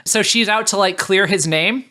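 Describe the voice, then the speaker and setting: A woman on a comedy podcast panel, pitching her case chattily with lots of "like" fillers and giggles. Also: normal speed, sharp tone.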